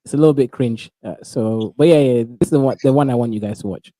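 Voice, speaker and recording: A man's voice: mid-range voice, fast talker, dark tone, no room sound. A man hosting a casual group call, joking loosely with his guests. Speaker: host.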